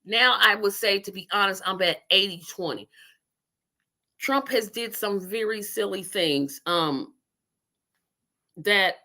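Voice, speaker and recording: A woman's voice: medium pitch, bright, forceful tone. A woman hosting a casual political livestream, rambling and talking to her viewers while she multitasks. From Indiana. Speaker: livestream host.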